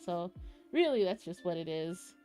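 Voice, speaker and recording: A young woman streamer telling a story in casual chat with her viewers, excitable and rambling, full of fillers. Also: on the low side, normal speed, faint music behind.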